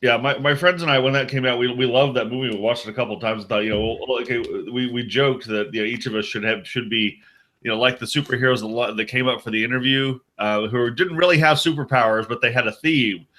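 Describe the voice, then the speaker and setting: A man's voice: medium pitch, fast talker, pushed and bright. An American man in casual chat, rambling with many stammered restarts. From United States.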